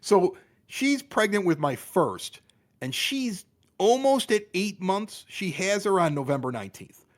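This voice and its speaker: Middle-aged male podcast guest, animated raconteur, acts out quotes, a touch high-pitched. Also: a little slow. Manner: animated, exaggerated quoting of others. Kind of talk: casual storytelling.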